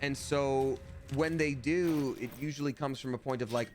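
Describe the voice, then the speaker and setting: A man's voice: medium pitch, fairly even intonation, normal speed, hardly any pauses, a little hiss or hum. A man in his thirties chatting casually while playing a video game live, reading chat aloud and slipping into playful voices.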